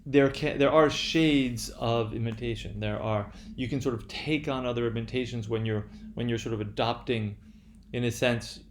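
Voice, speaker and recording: A man's voice: mid-range voice, fairly even intonation, moderate pace, background noise. Hesitant man lecturing. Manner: hesitant, many fillers and restarts; switches between French and English.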